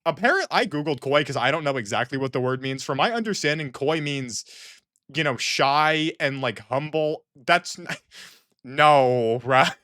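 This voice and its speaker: A man's voice: fairly high pitch, lively intonation, a little slow, sharp tone, dry recording, clean studio sound. A man giving comedic reaction commentary in an exasperated, rambling way, often restarting sentences. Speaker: online commentator.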